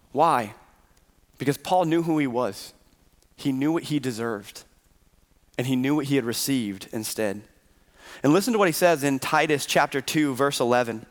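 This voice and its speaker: Earnest pastor preaching in a reverberant hall. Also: male voice, medium pitch, lively intonation, moderate pace, long pauses. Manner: earnest, poses rhetorical questions to the congregation. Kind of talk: Sunday sermon. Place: church sanctuary.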